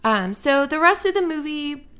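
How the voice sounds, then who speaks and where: A woman's voice: high voice, animated, moderate pace, bright, forceful tone. A woman co-hosting a casual podcast, telling a story in a loose, chatty way with lots of fillers and frequent swearing. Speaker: podcast co-host. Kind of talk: casual chat, movie review.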